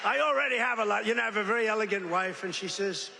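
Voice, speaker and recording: An older man from the United States speaks in a fairly high voice, drifting from point to point with brags and asides. His podium microphone rings through a big factory hall with a long echo and faint background hum. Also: fast talker, creaky, crowd noise. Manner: rambling, boastful, jokey, breaks into mock voices. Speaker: political speaker addressing workers. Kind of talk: off-the-cuff rally speech. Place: large factory hall, indoors.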